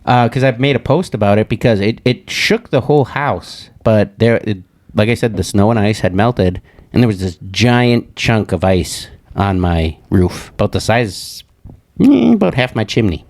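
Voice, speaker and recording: A man's voice: on the low side, expressive, normal speed, darkish tone. A man co-hosting a casual comedy podcast, telling a rambling story and acting out the voices of the people in it. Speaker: podcast co-host.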